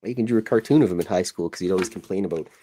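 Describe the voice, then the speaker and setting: Deep-voiced man rambling while he draws. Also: racing, warm tone. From Canada. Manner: joking, self-deprecating, meandering. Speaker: podcast host and cartoonist. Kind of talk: casual rambling chat while drawing.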